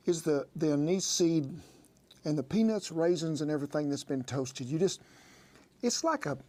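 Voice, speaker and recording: A man's voice: on the high side, dark tone. A man hosting a cooking show in a folksy, drawling way. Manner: folksy, drawling, calls people sugar.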